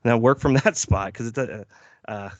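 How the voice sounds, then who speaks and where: A man's voice: mid-range voice, moderate pace, no room sound. A man co-hosting a wrestling podcast, opinionated and profane, often stopping and restarting his sentences. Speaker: podcast co-host. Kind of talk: casual wrestling podcast chat.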